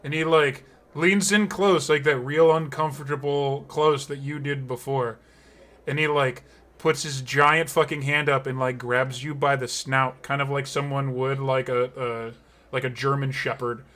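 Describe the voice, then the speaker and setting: A man's voice: mid-range voice, fairly even intonation, measured pace, fairly bright tone. A man narrating a tabletop game as game master, rambling and full of fillers and laughter.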